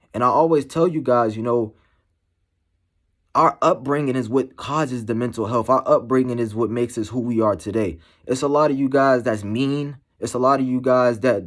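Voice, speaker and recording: A man speaking candidly to camera as a motivational vlogger, halting and slangy, full of "you know" fillers. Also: on the low side. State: emotional, shaken. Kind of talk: candid personal monologue to camera.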